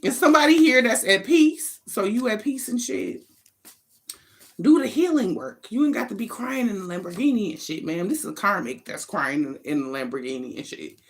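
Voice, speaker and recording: Woman, card reader, casual spiritual monologue; blunt, profane, sassy delivery. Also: lowish voice. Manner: thinks aloud between short bursts.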